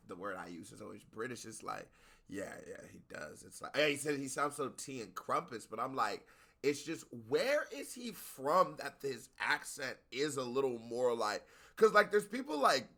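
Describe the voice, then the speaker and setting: A man hosting a music reaction video, talking casually and bluntly with plenty of profanity, often jumping up into high-pitched exclamations. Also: big pitch swings, moderate pace, creaky, pushed and bright.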